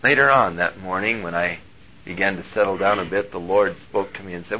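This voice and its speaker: A male pastor telling a personal story in a sermon, animated and moving between hushed and loud delivery. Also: deep voice, fairly quick, a little hiss or hum. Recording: dull lo-fi recording.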